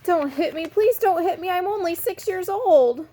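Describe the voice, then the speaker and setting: A woman's voice: high-pitched, very animated, fairly quick, voice pushed up. A woman voicing a fussy, whiny six-year-old boy in a storybook read-aloud. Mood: whining. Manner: whining, boastful.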